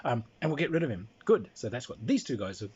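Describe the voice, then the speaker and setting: Husky-voiced man telling a lively game anecdote. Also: medium pitch, fast talker, dull audio. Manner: animated, playful, slips into character voices. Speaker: storyteller recounting a tabletop game. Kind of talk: casual anecdote with acted-out voices.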